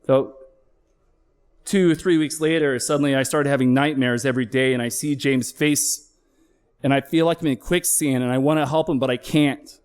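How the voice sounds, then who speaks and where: A man's voice: mid-range voice, steady tone, moderate pace, clear, resonant tone. A middle-aged man, a flight paramedic, telling a candid personal story on stage with earnest emotional swells.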